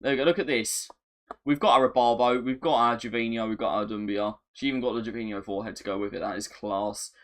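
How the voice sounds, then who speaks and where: A man chatting on a live stream, excitable and self-mocking, often repeating himself. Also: mid-range voice, quick pace. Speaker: gaming streamer. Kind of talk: casual live-stream chat.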